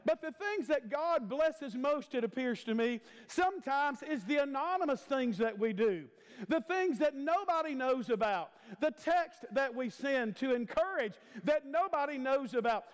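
A man's voice: extremely high pitch, expressive, a little slow. A man in his fifties preaching a sermon as a guest preacher, with an emphatic, repetitive cadence and stretched-out words. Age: 50s. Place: church sanctuary. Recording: long church hall reverb.

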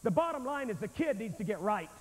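A man's voice: sits high, sing-song, fast, big-room sound, rough recording. A man preaching a fiery revival sermon in a large church, emphatic and calling his listeners friend, recorded on an old VHS tape.

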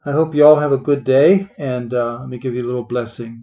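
A man's voice: mid-range voice, fairly even intonation, a little fast, few pauses, warm tone. A man, a parish priest, giving an informal homily full of stories, folksy and rambling, often repeating his words. He is from the Pittsburgh area.

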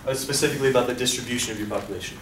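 A man's voice: medium pitch, rapid-fire, distant mic. Joking male teacher in an echoey hall. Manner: animated, joking, asks class questions. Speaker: college statistics teacher. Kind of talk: classroom lecture. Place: lecture hall. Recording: echoey hall, voice off-mic, faint hiss.

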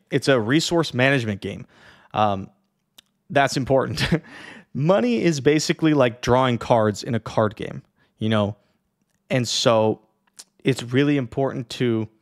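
A man casually explaining a strategy game to beginners in a chatty, lively way, with many fillers and the odd yawn. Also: medium pitch. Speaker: streamer teaching a strategy game. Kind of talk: casual tutorial talk.

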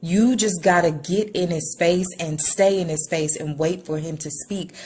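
A woman guest on a faith podcast, talking in a candid, animated, playful way. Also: on the low side, normal speed, husky.

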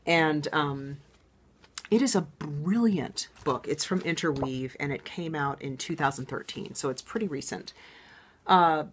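A woman with a low-pitched voice hosts a knitting show in a relaxed, chatty way. She sounds enthusiastic and talks as if thinking aloud, with frequent ums and restarts. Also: measured pace, husky. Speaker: knitting podcast host. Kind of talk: casual show-and-tell chat.

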